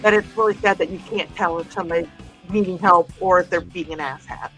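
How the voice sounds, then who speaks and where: A woman's voice: lowish voice, a little fast, fairly bright tone, faint music behind. A woman hosting a livestream in casual chat, reading viewer comments aloud and laughing often. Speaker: livestream host.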